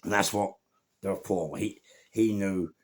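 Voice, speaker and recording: A man's voice: low voice, fairly even intonation, unhurried. A middle-aged man, telling a rambling, slangy anecdote and repeating himself as he goes. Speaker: storyteller.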